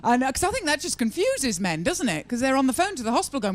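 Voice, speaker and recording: A woman's voice: high voice, big pitch swings, quick pace, hardly any pauses. A woman performing a stand-up comedy set at a live venue, chatty and sarcastic, teasing the crowd.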